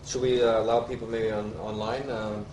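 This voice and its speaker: A man co-hosting a live question-and-answer session, reading out questions in a relaxed way. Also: lowish voice, moderate pace. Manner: relaxed, laughs between remarks. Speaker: co-host relaying online questions. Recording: echoey room with faint noise.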